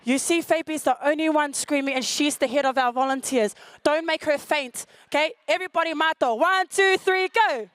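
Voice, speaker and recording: A woman's voice: high voice, moderate pace, few pauses, a little hiss or hum. A woman from the Cook Islands, hosting a school festival stage and leading the crowd in playful call-and-response chants. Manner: lively, playful, commanding a crowd.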